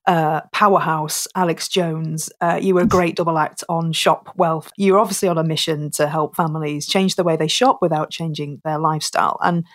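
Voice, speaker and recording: Low-voiced woman interviewer. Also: fairly even intonation, moderate pace, few pauses. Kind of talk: casual interview.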